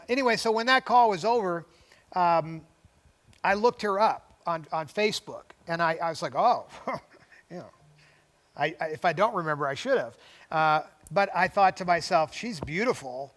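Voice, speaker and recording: A man's voice: fairly high pitch, lively intonation, moderate pace, fairly bright tone. An older man co-hosting a talk show, telling a long story in casual chat with many restarts, tangents and chuckles. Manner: rambling, goes off on tangents with frequent restarts; chuckles between phrases. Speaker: co-host.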